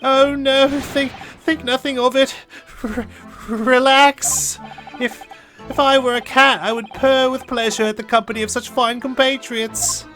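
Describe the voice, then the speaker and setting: A man doing a high, gushing jittery writer. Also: flat delivery, a little slow, bright, forceful tone, full character voice. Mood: effusive. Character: jittery, effusive male writer, excitable. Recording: game music behind voice.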